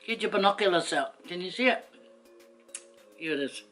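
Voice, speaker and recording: A woman's voice: fairly low pitch, expressive, moderate pace, a bit bright, soft background music. A woman with a Samoan accent chatting playfully to camera while eating, teasing her food and giggling. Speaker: mukbang vlogger. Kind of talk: casual eating chat to camera.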